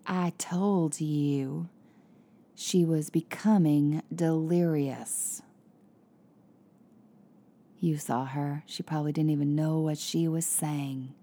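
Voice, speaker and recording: A woman's voice: low-pitched, fairly even intonation, slow pace, long pauses, dark tone, exaggerated voice. Woman reading an evasive, defensive man. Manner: defensive, hedging replies. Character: defensive, evasive adult male neighbor.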